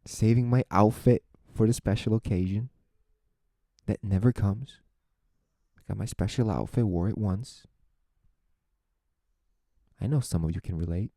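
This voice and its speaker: Unhurried and given to long pauses, a young man reflects aloud alone on his own podcast, asking himself repeated questions and restarting phrases. His voice is deeply dark and mellow, captured in a dry recording with no room sound.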